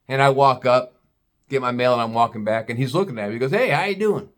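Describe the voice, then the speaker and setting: A man's voice: mid-range voice, fairly even intonation, fast. A man telling a story in a blunt, profane, scornful rant, slipping into put-on voices for other people. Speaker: vlogger. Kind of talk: ranting storytelling monologue.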